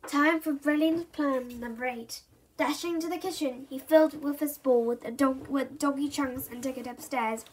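A woman reads a children's chapter book aloud in a high voice. Her narration is expressive and playful, and it leans into the dramatic beats. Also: moderate pace, slight background noise. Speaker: reader.

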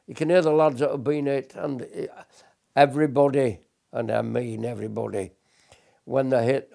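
Gravelly older veteran man. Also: medium pitch, dark tone. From Britain. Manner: blunt, earnest, halting with restarts. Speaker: military veteran interviewee. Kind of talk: documentary interview recollection.

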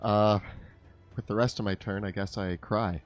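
A man's voice: fairly low pitch, steady tone, normal speed, soft background music. A man playing a tabletop game, hesitant and self-mocking as he describes his character's turn. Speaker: player. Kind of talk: casual tabletop game play.

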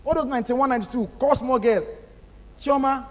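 A young Nigerian man performing animated stand-up comedy in pidgin. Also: sits high, normal speed. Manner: animated, acts out characters. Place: large hall, live audience. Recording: live hall reverb, faint noise.

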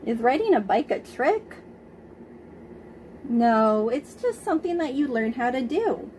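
A woman reading a picture book aloud to young children, gently stopping to ask them questions. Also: a little high, big pitch swings, a little slow, a little hiss or hum.

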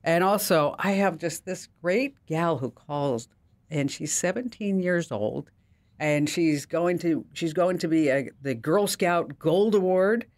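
A woman hosting a tech podcast in a casual, animated storytelling manner. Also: fairly low pitch, takes it slowly. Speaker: host.

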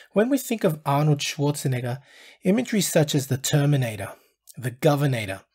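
A man with a husky, slightly grainy voice at a middle pitch reads a scripted documentary narration. He hosts his own channel and tells the story in a measured, even storytelling manner.

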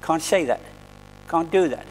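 A man's voice: on the high side, unhurried, in a large hall, slight background noise, rough recording. A man preaching a sermon in a church, earnest and conversational, often restarting his phrases. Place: church hall.

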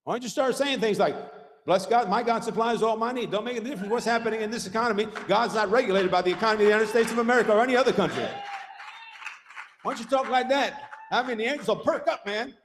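A man's voice: high voice, racing, slight background noise. A man preaching a sermon as pastor, emphatic and rhythmic, throwing out call-outs like "Hello?" and "Huh?" to the congregation. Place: church sanctuary. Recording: long reverb of a church hall.

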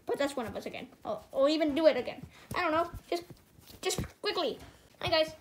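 Lady doing all the voices in a homemade cartoon, real high pitch, lots of frantic yelping and ow ow ow. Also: animated, a little fast, slight background noise. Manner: frantic yelps and cries of pain. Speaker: fan animator voicing all characters.

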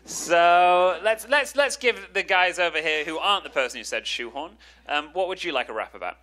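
A man's voice: high-pitched, lively intonation, moderate pace, pushed and bright. A young English man doing stand-up crowd work, teasing and self-mocking, then freestyle rapping on a club stage. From England. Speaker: stand-up comedian. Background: music under the rap.

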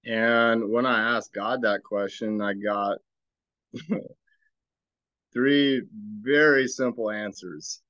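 Man, podcast host, spiritual musing, unhurried delivery, rhetorical questions, dry lo-fi sound. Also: mid-range voice, fairly even intonation, pushed and bright, no echo. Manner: slow, musing, asks himself rhetorical questions. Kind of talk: reflective spiritual talk.

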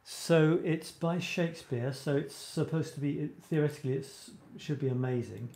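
A creative writing show host with a gravelly, dark voice on the high side talks at a moderate pace during a casual live stream. His chat meanders, and he often interrupts himself mid-sentence and laughs at himself.

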